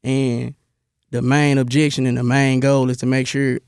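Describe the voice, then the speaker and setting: A young man from Memphis, telling his army stories in a relaxed interview, with a lot of "bro" and many restarts. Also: mid-range voice, normal speed, smooth, no room sound, clean studio sound. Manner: laid-back storytelling, lots of "bro" and restarts. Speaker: interview guest, army veteran. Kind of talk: casual interview.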